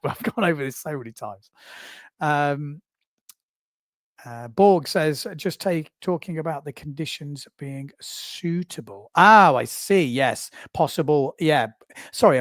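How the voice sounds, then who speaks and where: A man hosts a live stream from a small booth and chats casually as he reads out viewer comments. His voice sits a bit high, and the close mic gives a dry sound with no room echo. He laughs easily and pokes fun at himself. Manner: chatty, self-mocking, laughs often.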